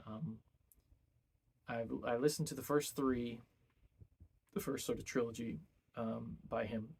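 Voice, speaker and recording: A man's voice: medium pitch, fairly even intonation, measured pace, vocal fry, a little mellow, husky. A man giving a casual, rambling book review full of ums and self-corrections.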